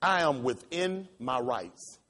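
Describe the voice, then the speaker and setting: Impassioned preacher with a lively, swooping voice. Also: male voice, slow pace. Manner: impassioned storytelling, swinging between loud high outbursts and low quiet asides. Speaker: pastor. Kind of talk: sermon.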